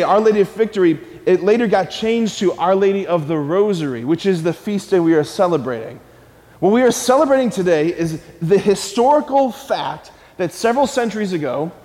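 A man with a high voice preaches an energetic sermon and keeps asking the listeners to shout answers back. His words ring out with a long reverb tail from a large church hall. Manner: energetic, calls on the audience to respond.

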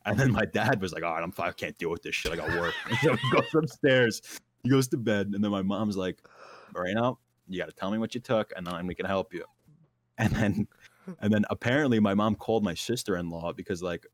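A young man telling a long, wild story in casual chat, full of slang, fillers and laughs at himself. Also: low voice.

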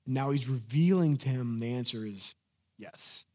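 A man preaching a sermon in an animated, conversational way, acting out the lines of the people in his story. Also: mid-range voice, moderate pace. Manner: animated, conversational, acts out quotes. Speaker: pastor.

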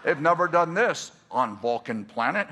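A middle-aged man, a pastor, telling stories in a casual, animated way and laughing often as he talks. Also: on the high side, normal speed. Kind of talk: casual storytelling.

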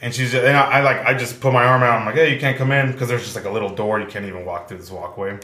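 A man's voice: mid-range voice, very fast, sharp tone. A man telling a rambling, profane story in casual podcast chat. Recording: echoey room.

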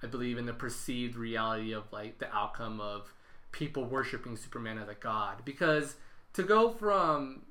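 A man's voice: medium pitch, moderate pace, sharp tone. A young man, co-hosting a casual podcast and animatedly acting out the dialogue in his stories. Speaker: podcast co-host. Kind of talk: casual chat.

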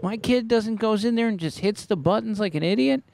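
A man's voice: sits high, fairly quick, creaky, darkish tone, dry recording. A man hosting a podcast, telling family stories enthusiastically in casual comedic chat.

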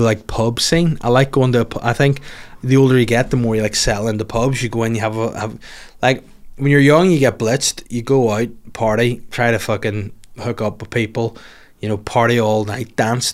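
A man in his forties with a Northern Irish accent, hosting a solo podcast in rambling, sweary, self-mocking casual chat. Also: mid-range voice. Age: 40s. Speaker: podcast host.

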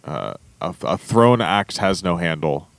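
A man with a very deep, gravelly voice makes short, dry remarks in casual podcast chat. He speaks in clipped asides. The sound is dry and close. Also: sing-song, a little slow, no room sound. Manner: dry, laconic interjections.

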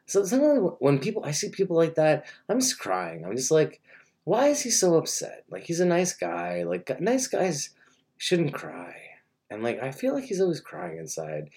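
A man's voice: a little high, huge pitch swings, moderate pace, gravelly, a little mellow, slightly rough. A young man giving a rambling, mock-earnest comedic monologue and interrupting himself often.

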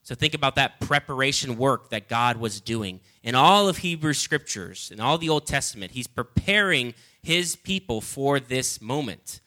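A man preaching a sermon and reading scripture, earnest and halting, often repeating words as he restarts. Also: animated. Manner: rises loud and high when reading quoted lines.

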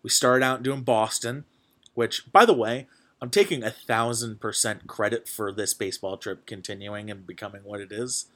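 A man's voice: on the low side, normal speed. Young man rambling casually as host. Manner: rambling, full of fillers, excitable. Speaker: podcast host. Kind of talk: casual chat.

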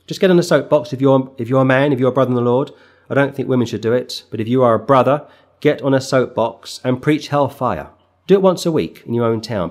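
A middle-aged man, a street preacher and pastor, giving an earnest, emphatic sermon on scripture that builds to forceful bursts. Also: mid-range voice.

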